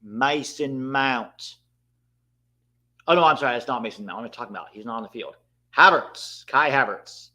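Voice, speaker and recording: A man hosting a live watchalong, reacting excitedly to the match and chatting to his viewers. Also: mid-range voice, fast. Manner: excitable, bursts out at big moments, talks to chat. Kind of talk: live match commentary and chat.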